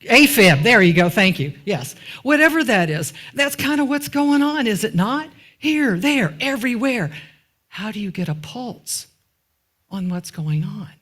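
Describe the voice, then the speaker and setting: A woman minister preaches a conversational sermon in a church sanctuary, her fairly high voice a bit bright, unhurried, and swinging widely in pitch. She frequently asks the congregation rhetorical questions, pauses for replies, and adds casual asides.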